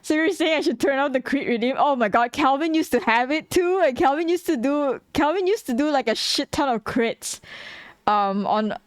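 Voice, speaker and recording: A woman's voice: sits high, lively intonation, normal speed, no room sound, clean studio sound. A young woman streaming while she draws, chatting bluntly and casually with her viewers and laughing often. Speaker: streamer and artist. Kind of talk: casual livestream chat while drawing.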